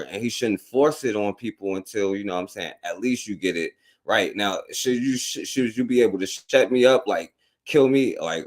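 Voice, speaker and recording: Deep-voiced man, halting and full of fillers. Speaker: podcast host. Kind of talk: casual interview questions.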